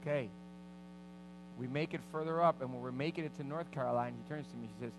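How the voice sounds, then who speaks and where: A man preaching, a pastor telling a personal story in an animated way and acting out the scenes. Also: medium pitch, quick pace, noisy background. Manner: animated, reenacts scenes loudly. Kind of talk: storytelling sermon. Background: background music.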